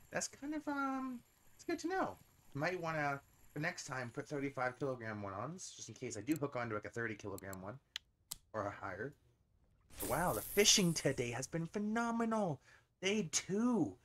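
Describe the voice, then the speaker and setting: A man's voice: mid-range voice, lively intonation, moderate pace, a bit bright. A man with a Canadian accent giving casual, chatty commentary over a fishing video game, breaking into frequent surprised exclamations. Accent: Canadian English. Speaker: gaming channel host.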